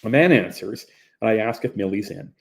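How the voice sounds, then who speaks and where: A man from Ontario reading his memoir aloud in an animated storytelling manner. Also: lowish voice, fairly quick, creaky. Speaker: narrator.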